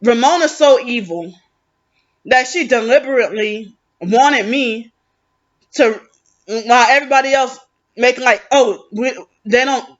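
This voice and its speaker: A woman's voice: a little high, fairly bright tone, highs cut off. A woman venting in a rambling, aggrieved vlog monologue, often restarting her sentences. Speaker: vlogger.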